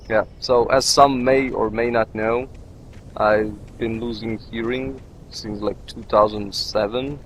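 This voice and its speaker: A man's voice: on the low side, fairly bright tone, a little hiss or hum, poor audio. A man who is not a native English speaker, rambling and joking as he comments on his gameplay. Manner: rambling, jokey, talks to himself. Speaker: let's play commentator.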